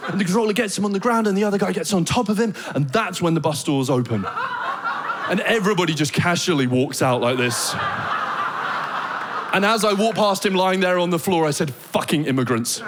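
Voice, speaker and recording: British guy doing standup, highish voice, swears a lot, acts out the crowd. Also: brisk, noisy background. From Britain. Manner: animated storytelling, swearing, acting out crowd shouts. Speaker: stand-up comedian. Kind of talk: stand-up comedy set. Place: theatre stage before a laughing audience.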